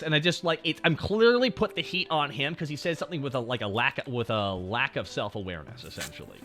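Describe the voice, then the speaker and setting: A man's voice: mid-range voice, expressive, fast talker, few pauses, fairly bright tone, faint music behind. A young man, telling a story casually on stream in a profane, rambling way.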